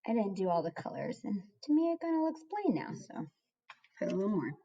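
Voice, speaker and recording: A woman's voice: mid-range voice, sing-song, a little fast, vocal fry, warm tone, slightly rough, distant mic. A young woman teaching a kindergarten writing lesson, sounding words out syllable by syllable. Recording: dull lo-fi recording.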